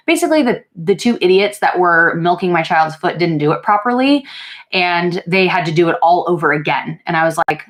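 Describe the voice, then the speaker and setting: A woman's voice: fairly low pitch, a little fast. Frank, exasperated young woman vlogging. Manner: frank and exasperated, swears freely, many fillers. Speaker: beauty vlogger. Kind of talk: casual get-ready-with-me storytelling. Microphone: camera mic while doing makeup.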